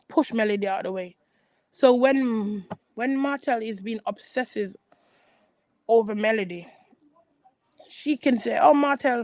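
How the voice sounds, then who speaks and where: A woman's voice: medium pitch, darkish tone, dry recording. Emphatic woman vlogger, dry close sound. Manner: emphatic and repetitive, with frequent restarts. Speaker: commentary vlogger. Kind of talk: casual opinion commentary.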